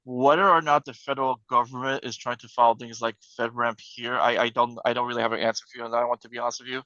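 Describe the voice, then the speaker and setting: A man speaking as a panel guest, briskly and emphatically, often tagging his points with "right?". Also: mid-range voice, little pitch movement, bright, forceful tone, dry recording, dull audio. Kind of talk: conversational panel discussion.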